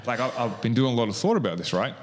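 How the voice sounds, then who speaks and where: Over crowd noise, an Australian man with a medium-pitched voice races along while co-hosting a podcast about hypnosis. He explains it in a rambling way, stumbling through many fillers and restarts.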